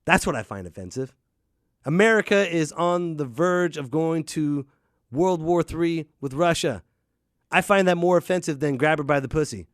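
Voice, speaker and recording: A man hosting a solo podcast, ranting in an animated, jokey way. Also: on the high side, normal speed, no echo, clean studio sound. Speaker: podcast host. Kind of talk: casual solo podcast rant.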